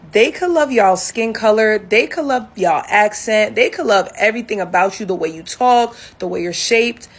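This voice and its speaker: A woman's voice: medium pitch, breathy edge. A woman speaking straight to camera with a direct, lecturing opinion.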